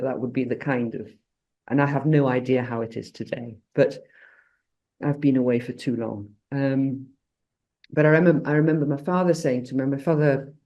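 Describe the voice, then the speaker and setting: A woman's voice: rumbling low, mellow. Woman, 60s, coach, rambling conversational storyteller on a call. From Britain. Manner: rambling storyteller with many restarts and fillers. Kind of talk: casual group discussion.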